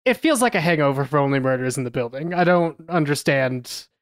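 A man's voice: on the high side, animated, fairly quick, clear, resonant tone, no room sound, studio quality. A man co-hosting a podcast, reviewing a film in casual chat with many hesitations and fillers. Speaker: podcast co-host.

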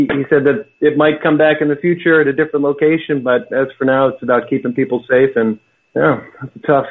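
Massachusetts guy, casual rambling chat, sounds like it's over the phone. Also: mid-range voice. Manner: chatty, laughs easily, many fillers. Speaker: guest, pinball operator. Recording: tinny phone line.

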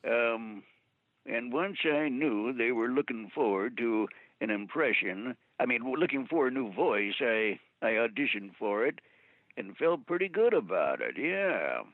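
Lively voice actor man on a phone line. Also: mid-range voice, no echo. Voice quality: animated, quick to laugh, voice actor. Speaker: voice actor guest. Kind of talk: relaxed interview storytelling. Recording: tinny phone line, dry.

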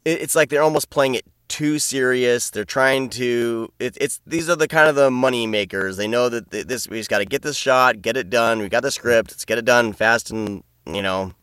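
A man's voice: mid-range voice, moderate pace, few pauses, a bit bright, clear, resonant tone, no room sound, studio quality. A man co-hosting a podcast in casual chat, rambling and often repeating his words. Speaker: podcast co-host.

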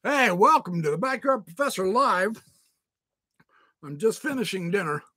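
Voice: mid-range voice, big pitch swings, moderate pace, breathy edge, dry recording, clean studio sound. A livestream host chatting playfully with viewers while talking through a mouthful of food. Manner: playful, greets viewers by name, exclaims loudly. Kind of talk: casual live-stream chat.

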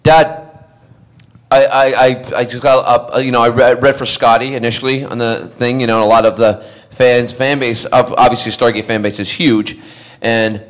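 A middle-aged actor spins a loose, meandering anecdote for a crowd of fans. He often breaks into laughter and trips over his own sentence starts. His pitch sits at an ordinary male level. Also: little pitch movement, moderate pace. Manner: rambling storyteller, laughs often, restarts sentences. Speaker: actor answering fan questions. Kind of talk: anecdotal convention Q&A.

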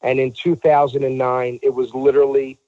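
A man's voice: mid-range voice, little pitch movement, brisk, no room sound, phone-quality sound. A man telling a story in a casual talk show, acting out the voices of the people he quotes.

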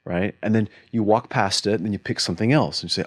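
Male podcast co-host, low voice, animated storyteller, dry studio sound. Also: quick pace, hardly any pauses, no echo. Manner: animated storyteller, acts out quoted dialogue. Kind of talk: casual conversation.

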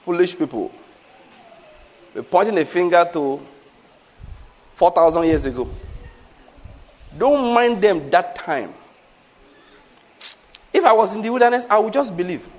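A Nigerian-accented male preacher with a notably high voice, delivering a sermon with lots of repetition. He drives points home with rhythmic lists and slips in humorous asides to the congregation. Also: expressive, a little slow, long pauses, poor audio.

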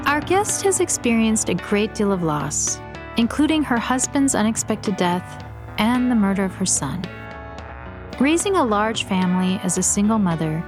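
Woman host over background music. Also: mid-range voice. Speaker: podcast host. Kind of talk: scripted podcast introduction and interview questions.

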